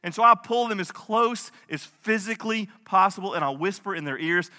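A pastor in his thirties preaches to his congregation, swinging from hushed storytelling to impassioned appeals. His voice sits high and sounds bright and forceful. It rings out with the long reverb of a large hall. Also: lively intonation, a little fast. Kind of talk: sermon.

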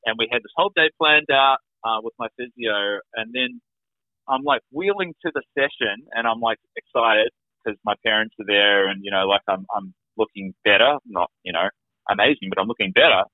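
A man's voice: on the low side, brisk, no echo. A man, a guest on an interview, telling his own story in a rambling, casual way, full of "like" fillers. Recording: tinny phone-like remote call audio.

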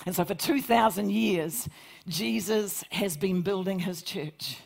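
A woman's voice: mid-range voice, unhurried, creaky, darkish tone, breathy edge. A woman pastor preaching a fervent Sunday sermon, rising to emphatic peaks. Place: church service.

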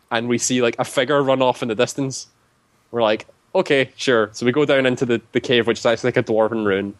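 A man's voice: medium pitch, no echo. Rambling man telling a game story. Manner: rambling, heavy use of "like" fillers. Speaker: tabletop game player. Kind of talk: casual storytelling.

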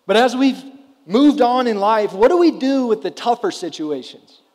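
A man's voice: high voice, expressive, normal speed, darkish tone. A man in his thirties preaching a sermon to his congregation in a conversational way, often putting questions to the room. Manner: conversational, asks the audience questions. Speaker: pastor. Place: church hall before a congregation. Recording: roomy hall with long reverb.

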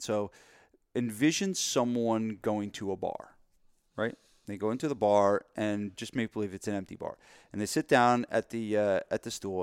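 A man co-hosting a casual podcast about gym marketing, telling an animated story and acting out voices. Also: on the low side, smooth, no echo, studio quality.

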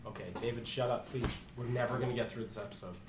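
A man's voice: medium pitch, fairly even intonation, fast, reverberant, slight background noise. Chatty man running a tabletop game. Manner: chatty, jokey, switches into character voices. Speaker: dungeon master.

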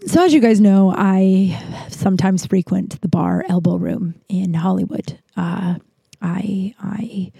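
A woman's voice: medium pitch, slow pace, vocal fry, warm tone, husky, no echo. A woman in her thirties hosting a podcast, telling a rambling, profane story in a casual chat. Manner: chatty, profane, rambling with many restarts. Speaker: podcast host.

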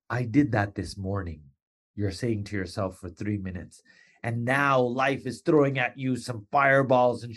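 A man talks on a motivational podcast in a lively, playful way. He drops into short put-on voices for the people he quotes, and his pitch jumps sharply when he does. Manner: animated, playful, with wrestling and pop-culture asides. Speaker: podcast host.

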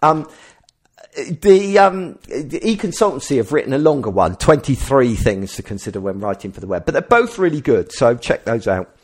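A man's voice: mid-range voice, normal speed, husky. A man hosting a casual podcast chat, rambling and correcting himself as he goes. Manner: rambling, self-correcting, lively delivery. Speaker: podcast host.

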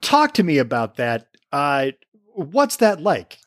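A man's voice: a little high, huge pitch swings, slow, a bit bright, dry recording, clean studio sound. A man hosting a comedy interview, eager and enthusiastic, stumbling over his restarts as he asks questions. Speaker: interview host.

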